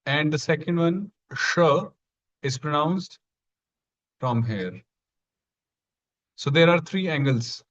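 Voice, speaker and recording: A man's voice: fairly high pitch, animated, slow pace, long pauses, a bit bright. A man teaching Sanskrit pronunciation in an online class, patient and repeating each sound for students to copy. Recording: dull lo-fi sound.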